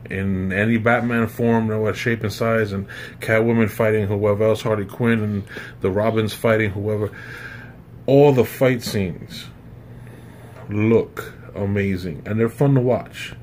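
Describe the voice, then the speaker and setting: A man's voice: lowish voice, a little hiss or hum. A man giving a casual spoken film review, rambling and stumbling over repeated words as he recaps the plot. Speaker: movie reviewer.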